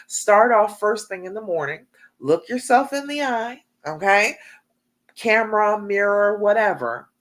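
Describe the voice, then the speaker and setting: A woman relationship coach giving a live coaching talk, encouraging and checking in with her listeners again and again. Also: fairly low pitch. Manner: encouraging, repeats "okay?" often.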